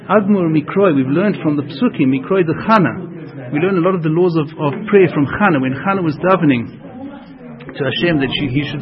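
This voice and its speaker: A man teaching a religious lesson, earnest, repeating and rephrasing each point as he explains it. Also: on the high side. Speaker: Torah teacher. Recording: dull lo-fi recording.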